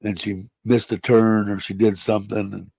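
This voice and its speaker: A man's voice: fairly low pitch, flat delivery, moderate pace, gravelly, mellow, breathy edge, dry recording. An older retired man chatting casually on his livestream, rambling and blunt, swearing freely and laughing often. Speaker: livestream host. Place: home in Thailand.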